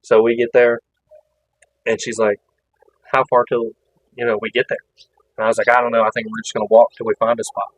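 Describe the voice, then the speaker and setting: A man's voice: mid-range voice, monotone, a little fast, pauses often, poor audio. A man co-hosting a hunting podcast, telling a long story in a casual, rambling way with restarts and laughs. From Missouri. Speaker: podcast co-host.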